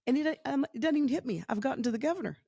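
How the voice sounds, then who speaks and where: Lady guest, gravelly voice, acting out quotes as she tells a story, dry close sound. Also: high voice, lively intonation, racing, mellow, no echo. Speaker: nonprofit founder, guest. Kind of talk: casual storytelling interview.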